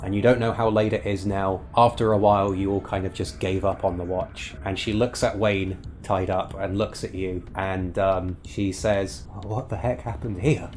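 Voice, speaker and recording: A man acting as game master, narrating a tabletop game slowly with many fillers and pauses. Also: low voice, flat delivery, darkish tone, soft background music. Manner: slow descriptive narration with fillers.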